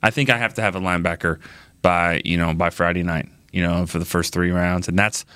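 A man's voice: deep voice, steady tone, a little fast, a bit bright, clean tone, no echo. A man talking casually on a sports podcast panel, thinking aloud with frequent restarts.

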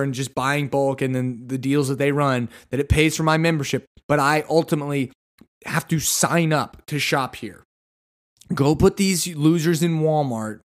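A podcast host, a man, ranting sarcastically in a casual solo talk and acting out mock conversations. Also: mid-range voice. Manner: animated, sarcastic, acts out mock dialogues.

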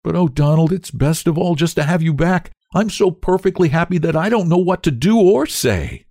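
A man voicing an excited young girl overjoyed to see her brother again, speaking in breathless, gushing exclamations. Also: fairly high pitch, moderate pace, dry recording, studio quality, voice pushed up. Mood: tender. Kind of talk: audiobook character voice.

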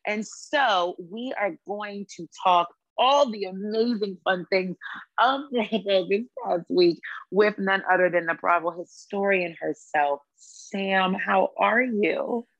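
A woman hosting a podcast, chatting casually with quick quips and easy laughs. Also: mid-range voice, fairly bright tone, no echo, dull audio. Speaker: podcast host. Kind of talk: casual chat.

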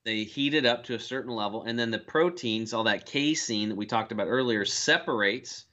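A man's voice: fairly low pitch, a little fast, pushed and bright. A man, a health guest in a casual interview, telling stories and acting out the voices of people he quotes. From United States. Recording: dull lo-fi sound.

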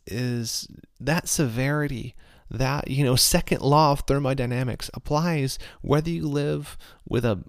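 A man with a mid-range voice tells self-deprecating stories in a lively way, then shifts into earnest, preachy advice. The recording is dry and close, with no room echo. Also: mid-range voice. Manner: animated, self-mocking storyteller, turns earnest and preachy. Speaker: speaker sharing life lessons. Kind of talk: casual reflective talk with faith lessons.

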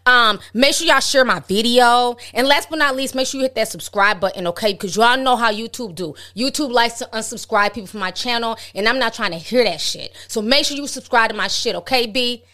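A brash, loud New York gal, as a woman hams it up. The voice jumps high, with a smooth ring, and every line comes out as a loud caricature. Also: brisk, few pauses.

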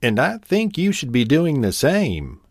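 A diligent little ant, as a man reading a storybook puts him on, firm and matter-of-fact. He speaks slowly with a lively rise and fall. The voice sounds close and dry. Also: fairly high pitch, dry recording, voice pushed up, full character voice. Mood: earnest. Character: hardworking male ant, earnest and stern.

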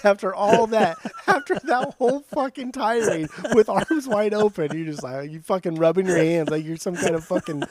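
A man co-hosting a casual chat, animated and profane, laughing often. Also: high-pitched, normal speed, few pauses, crowd noise. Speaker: podcast co-host.

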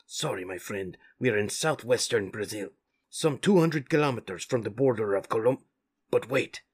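A man voicing a wise, solemn jaguar mutant in a measured, husky voice, with Spanish words mixed in, for a comic read-aloud. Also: on the low side, expressive.

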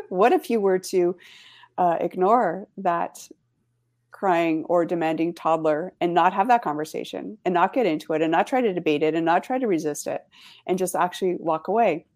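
A woman coach in casual conversation who explains ideas through analogies, pausing often with ums. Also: on the low side, darkish tone. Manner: thoughtful, uses analogies, many fillers. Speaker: coach with clients.

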